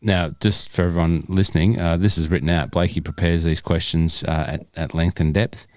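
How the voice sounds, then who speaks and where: A man's voice: low-pitched, level tone, moderate pace, dry recording. A man co-hosting a casual podcast, joking around and stumbling as he reads questions aloud. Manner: jokey, stumbles and restarts when reading aloud. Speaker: podcast co-host.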